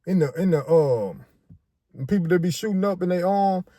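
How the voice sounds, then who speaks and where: Southern arkansas guy, slangy storytime talk, dark mellow voice, dry close sound. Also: high voice, animated, moderate pace, no echo. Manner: laid-back slangy street talk, acts out quotes. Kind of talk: casual storytime monologue.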